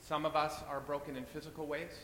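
A man's voice: little pitch movement, fast talker, fairly bright tone. A man preaching a sermon in a church, earnest and repeating phrases for weight. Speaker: pastor. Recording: echoey church hall, faint rumble.

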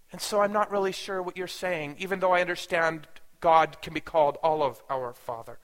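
A man voicing a wounded but faithful mother speaks in an earnest first-person sermon monologue, his voice high and forceful. He tells her story with deep feeling and builds into anguished pleas. A long reverb from a big hall hangs on every word. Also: natural voice. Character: grieving mother, bewildered yet faithful woman.

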